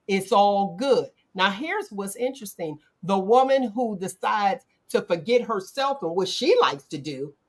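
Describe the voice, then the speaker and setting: Animated woman host chatting. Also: medium pitch, a little slow, hardly any pauses. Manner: animated, acts out quotes in playful voices. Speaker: podcast host. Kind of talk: casual chat.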